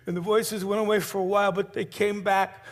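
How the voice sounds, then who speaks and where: A man delivering a confessional, halting monologue on stage in a one-man musical, often stammering as he restarts his sentences. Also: high voice, little pitch movement. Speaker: solo stage performer.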